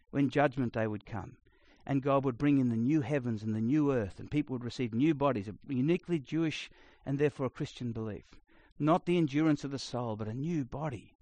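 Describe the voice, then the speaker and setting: A middle-aged man preaching a sermon, blunt and conversational, swinging between loud emphasis and quiet asides. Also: mid-range voice, no echo. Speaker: pastor.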